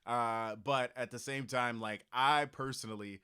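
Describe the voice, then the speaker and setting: Relaxed male co-host, crude and chatty, very bright tone. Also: medium pitch, unhurried, smooth. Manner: laid-back, profane, keeps saying "you know what I mean". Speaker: podcast co-host. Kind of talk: casual comedic chat.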